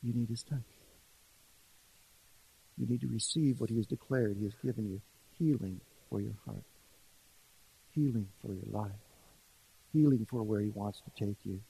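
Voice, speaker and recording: A man preaching an earnest sermon, swinging between quiet, intimate passages and louder emphasis. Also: on the low side, normal speed, vocal fry, pauses often, slightly rough, low-quality recording. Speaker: pastor.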